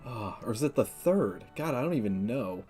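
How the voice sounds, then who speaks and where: Over faint game music, a let's play streamer chats casually while gaming, his mid-range voice warm and lively at a moderate pace. He rambles, laughs often, and leans heavily on "like" and other fillers.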